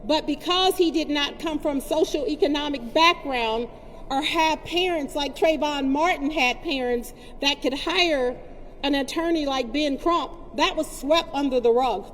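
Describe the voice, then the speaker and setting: Woman rally speaker, high voice, impassioned storytelling address, long reverb and faint ambient hum. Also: unhurried. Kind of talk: protest speech.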